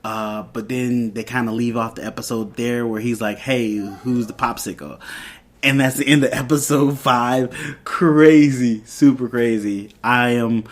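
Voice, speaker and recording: A man's voice: mid-range voice, steady tone, normal speed. Man casually recapping a TV episode. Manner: rambling retelling with quoted lines. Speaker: podcast host.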